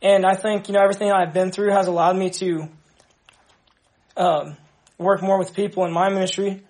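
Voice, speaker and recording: A young man from Dallas with a high voice shares his personal testimony with a group. He speaks earnestly and haltingly, often restarting his sentences. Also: little pitch movement, a little mellow. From Dallas, Texas. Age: young adult. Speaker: ministry member giving testimony.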